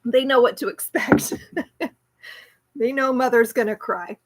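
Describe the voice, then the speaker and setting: A homeschool book club host leads a casual chat, rambling enthusiastically, laughing easily and often restarting her sentences amid plenty of fillers. Her voice is slightly high and her pace measured.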